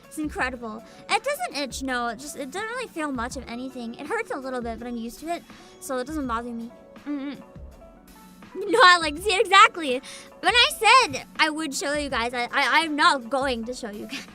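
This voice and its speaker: A woman's voice: high voice, lively intonation, moderate pace, music in the background. A young woman hosting a casual VTuber livestream, sleepy and giggly, reading chat aloud. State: sleepy and tired.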